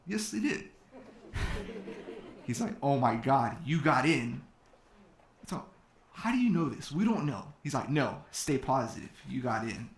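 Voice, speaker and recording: A man's voice: mid-range voice, slight background noise. Man telling a story in an echoey hall. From California. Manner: quoting others in his own voice, with many fillers. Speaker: speaker telling a personal story. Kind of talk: storytelling talk to an audience.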